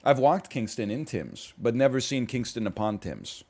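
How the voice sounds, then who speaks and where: Excitable man chatting with his stream. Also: moderate pace. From Canada. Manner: reacts to chat, excitable pitch jumps, rambling asides. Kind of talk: casual live-stream chat.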